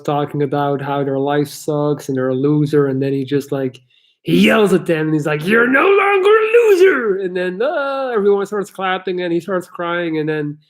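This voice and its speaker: A young man, a life coach, chatting loosely on a livestream Q&A, reading chat questions and swearing now and then. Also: a little high.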